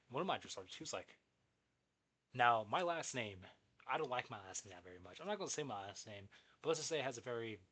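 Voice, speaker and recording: A young man with a husky, breathy voice tells a story in casual vlog fashion. He is animated and profane, and he keeps jumping into side remarks before getting back on track. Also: mid-range voice. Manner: animated, profane, jumps between asides. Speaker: vlogger.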